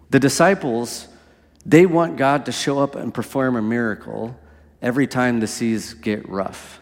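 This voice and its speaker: A man's voice: mid-range voice, normal speed. Conversational male preacher in a reverberant hall. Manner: conversational, asks "right?" often. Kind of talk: sermon.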